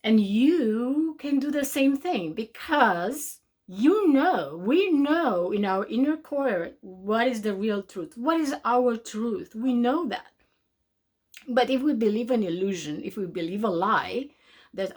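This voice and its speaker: A woman speaks to her viewers in a slow, drawn-out way. Her voice sits a little high, and she slips into mocking voices of the people who tell others to be quiet. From from outside North America. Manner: animated, mocking voices of naysayers, calls listener darling. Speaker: spiritual show host. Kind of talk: motivational talk to camera.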